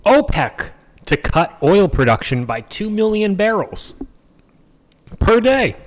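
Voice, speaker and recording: A man's voice: high-pitched, sing-song, slow, long reverb tail. A man hosting a political podcast, talking in a wry, sarcastic, rambling way. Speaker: podcast host.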